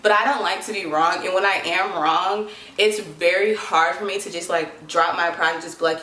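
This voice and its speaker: Filming an advice vlog in an echoey room, a young woman chats dramatically to the camera, leaning heavily on the filler "like." Her voice is fairly low and sharp, with a steady tone at a normal speed.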